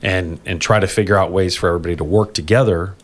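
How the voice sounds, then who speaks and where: Low-voiced man rambling through a union show. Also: steady tone, fast talker. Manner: rambling, self-correcting, laughs easily. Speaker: union podcast host. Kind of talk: casual podcast chat.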